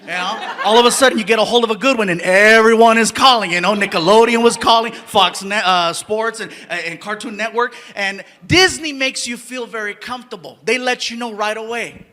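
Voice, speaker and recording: A male stand-up comedian telling an animated story on stage, breaking into shouts. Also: sits high, fairly quick, few pauses. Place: comedy stage before an audience.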